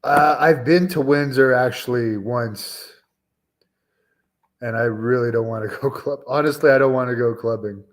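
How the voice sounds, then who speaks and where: Forty-something male host, mid-pitched, loose and rambling, live-stream Q&A chat. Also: normal speed. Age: 40s. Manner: rambling, chatty, with frequent fillers and restarts. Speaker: wrestling show host. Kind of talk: casual live-stream chat answering viewers.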